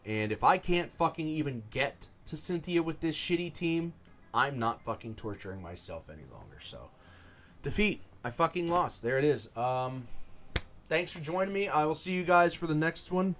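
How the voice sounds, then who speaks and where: A man's voice: a little high, sing-song, fairly bright tone. Frustrated, swearing male streamer. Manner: angry, swearing, halting with restarts. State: exasperated. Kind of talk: frustrated gameplay commentary.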